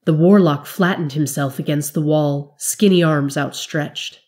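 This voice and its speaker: Low-voiced woman narrating a fantasy tale. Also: darkish tone. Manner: measured, dramatic storytelling. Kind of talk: scripted fiction narration.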